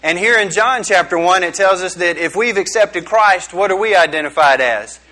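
A middle-aged man preaches to a small group in a loose, joking way. He keeps firing questions back at his listeners. His voice sits a little high and rings bright and forceful. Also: moderate pace. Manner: joking, chatty, quizzes the audience. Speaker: youth pastor. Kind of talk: casual youth sermon.

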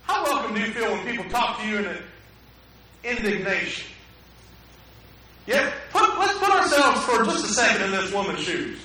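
A pastor preaching a sermon in a conversational way, often putting questions to the congregation, in a church sanctuary. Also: male voice, sits high, big pitch swings, moderate pace, pauses often, pushed and bright. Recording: echoey hall, mic at a distance.

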